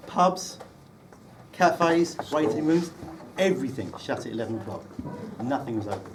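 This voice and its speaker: A man's voice: medium pitch, sing-song, moderate pace. Man telling a roast at a wedding. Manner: dry, teasing storytelling with comic timing. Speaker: wedding speech giver, friend of the groom. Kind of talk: humorous wedding speech. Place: wedding reception room, indoors. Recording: distant mic with loud room noise.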